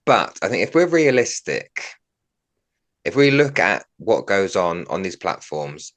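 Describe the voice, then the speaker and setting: A man's voice: sits low, very animated, measured pace, fairly bright tone. A man hosting an interview and speaking in a frank, conversational way. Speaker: podcast host.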